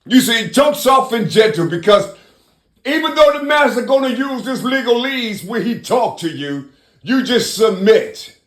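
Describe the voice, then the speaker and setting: A man voicing a mocking preachy figure who urges meek submission, in a shrill, sing-song tone. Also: lively intonation, measured pace, reverberant.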